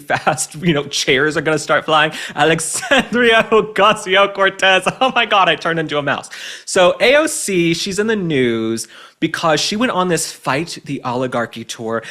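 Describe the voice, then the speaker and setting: Sassy, animated man hosting. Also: a little high. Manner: sassy, campy and animated, with mocking asides. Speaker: host. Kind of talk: opinionated commentary monologue.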